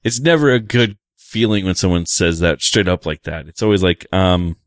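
A man's voice: deep voice, normal speed, no echo, clean studio sound. A man co-hosting a podcast in easygoing casual chat. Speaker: podcast co-host.

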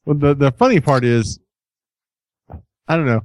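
A man from the Houston area co-hosts a casual comedy chat, reading odd news items with a joking build-up. His voice is mid-pitched and sounds dry and close. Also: lively intonation, unhurried, no room sound. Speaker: podcast co-host.

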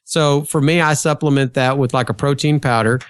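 A male podcast guest chats casually at length, telling stories and using plenty of fillers. His medium-pitched voice is steady and clean, fairly quick, with studio-quality sound and no echo.

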